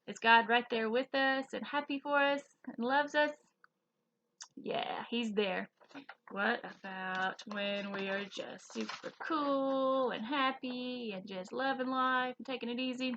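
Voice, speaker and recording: Southern woman, Sunday school teacher, slow and expressive with kids, dull lo-fi recording. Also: on the high side, a little hiss or hum. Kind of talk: children's Bible lesson.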